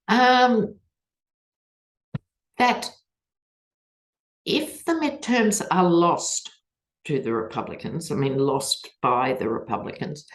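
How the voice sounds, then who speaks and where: A woman with an Australian accent doing a tarot reading and talking to camera in a chatty, digressive, wry way. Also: low-pitched. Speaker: tarot reader and political commentator. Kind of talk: casual chat to camera.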